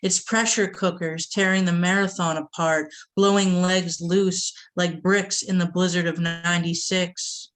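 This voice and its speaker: A woman from the Boston area reading her poems aloud at a poetry event, with a measured delivery and short asides to the audience. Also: fairly low pitch, flat delivery. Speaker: poet reading her work.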